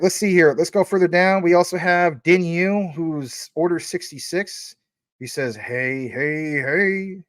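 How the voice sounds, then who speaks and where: A man's voice: mid-range voice, no room sound, clean studio sound. A man hosting a casual livestream, reading out viewer super chats in a chatty, rambling way and giving names a playful emphasis.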